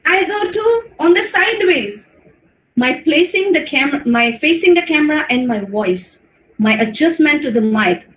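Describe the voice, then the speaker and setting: An Indian woman with a high voice teaches public speaking in a webinar, heard through a video call mic in a roomy, echoey space. She talks expressively and swings her pitch up and down to show how a voice can carry feeling. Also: animated, normal speed, fairly bright tone. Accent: Indian English.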